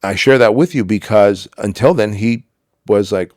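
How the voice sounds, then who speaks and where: The recording is clean studio sound with no room tone, featuring a middle-aged man whose darkish voice sits on the low side at a moderate pace. He's a podcast guest emphatically telling personal stories, acting out exchanges and swearing at times in a candid interview.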